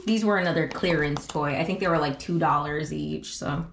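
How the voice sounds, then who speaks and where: Brief: woman co-host, casual unboxing chat, wry, roomy sound with clear background noise. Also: low-pitched, moderate pace. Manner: chatty, mildly wry, trails off. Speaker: toy review co-host.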